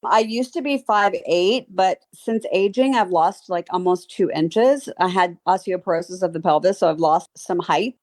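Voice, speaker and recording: A woman in her fifties from Baton Rouge, Louisiana, a former model and author, chats as a friendly podcast guest in a casual interview, laughing easily. She has a slight Southern American accent and a fairly low, darkish voice, speaking at a moderate pace with few pauses.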